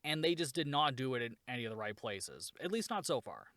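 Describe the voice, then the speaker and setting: A man's voice: mid-range voice, very animated, brisk, fairly bright tone, no echo, clean studio sound. Sarcastic man recapping a movie. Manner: sarcastic, swears, lots of "like". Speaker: podcast host reviewing a shark movie. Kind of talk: casual spoken movie recap.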